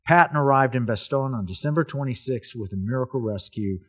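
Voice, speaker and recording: A man's voice: medium pitch, a little fast, slightly rough. Man host, earnest storyteller, plain mid voice. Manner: earnest storytelling, emphatic repetition. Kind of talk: casual history talk.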